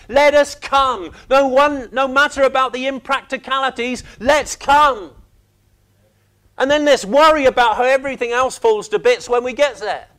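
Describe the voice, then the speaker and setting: A preacher with a very high-pitched voice tells stories animatedly during his sermon. He drops his voice low for quiet moments and acts out how the characters react.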